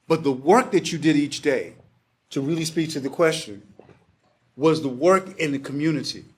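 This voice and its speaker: Animated older male storyteller, slightly high voice. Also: moderate pace, breathy edge. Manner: animated storyteller who acts out voices and swears casually. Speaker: panel speaker. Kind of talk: storytelling talk to a live audience. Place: packed bar event space.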